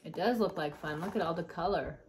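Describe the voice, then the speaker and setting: A woman's voice: fairly low pitch, a little fast, slight background noise. Lady reading a kids' picture book, chatting about the pictures between pages. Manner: chatty asides to young listeners about the pictures. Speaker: storybook reader. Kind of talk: children's picture book read-aloud.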